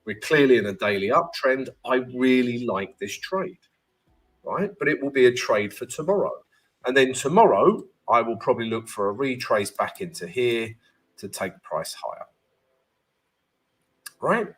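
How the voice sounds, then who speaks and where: Man, live-stream trading host, lively pitch, husky, casual, keeps asking "right?". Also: moderate pace. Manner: chatty, keeps asking "right?" and greeting viewers by name.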